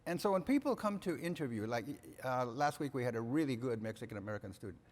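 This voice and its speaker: Older male keynote speaker, emphatic and lively, with a long hall echo. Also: mid-range voice, quick pace. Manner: emphatic, repeats "okay?" to the audience. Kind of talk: animated keynote speech. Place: conference hall. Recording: reverberant hall sound.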